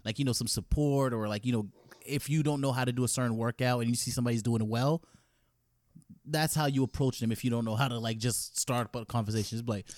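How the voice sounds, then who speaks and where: A man in casual chat as a co-host, animated and often acting out gym banter. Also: mid-range voice, quick pace, dry recording, clean studio sound. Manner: animated, acts out gym banter in quoted lines.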